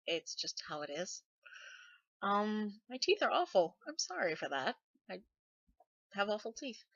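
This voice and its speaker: A woman's voice: mid-range voice, very animated, a little slow, a bit bright, slightly rough, no echo. A Scottish woman chatting casually to her webcam, rambling and self-deprecating with sarcastic asides; her voice often gets mistaken for a man's. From Scotland. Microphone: webcam mic. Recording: dull dry webcam audio.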